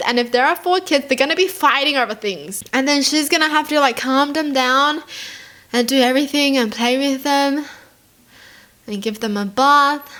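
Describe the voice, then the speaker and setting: Chatty young-sounding woman with a high voice. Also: moderate pace, fairly bright tone. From Australia. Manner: chatty, lots of "like" and "dude", giggly asides. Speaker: YouTuber reading and reacting to stories. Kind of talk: casual reaction commentary.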